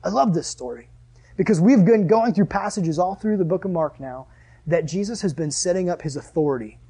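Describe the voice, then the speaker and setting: A young man preaching to a youth group, telling a story with lively acted-out exclamations and then reading scripture. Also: high-pitched, fairly quick, slightly rough. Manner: animated storyteller, acts out dialogue with loud exclamations. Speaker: youth pastor.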